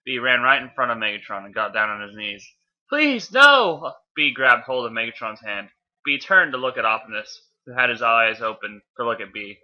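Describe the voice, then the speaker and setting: A man's voice: mid-range voice, steady tone, brisk. A man casually reading fanfiction aloud, offhand, often stumbling and correcting himself. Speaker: fanfiction reader. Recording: dull lo-fi home recording.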